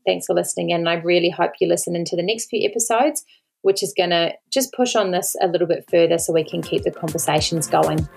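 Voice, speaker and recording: A woman's voice: on the low side, quick pace, gravelly, a little mellow, faint music behind. An Australian woman, a podcast host and mother, talking earnestly and pleadingly to listeners, near tears, repeating words for emphasis. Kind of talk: solo podcast talk.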